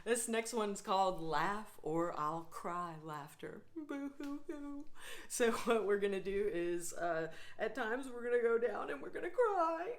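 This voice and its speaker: A woman's voice: mid-range voice, lively intonation, a little slow, few pauses. A woman leading a guided laughter yoga class, playful and coaxing, often breaking into laughter as she cues each exercise. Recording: echoey room.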